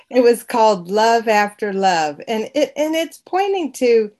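Slow, hesitant woman sharing. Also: fairly high pitch, a little mellow. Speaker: meditation group participant. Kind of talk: casual sharing.

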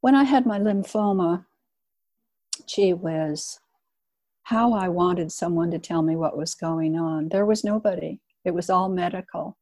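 A woman's voice: fairly low pitch, a little slow, darkish tone, no echo. An older woman who works in hospice, talking candidly about her work in an earnest storytelling way. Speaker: hospice worker. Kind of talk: reflective personal talk.

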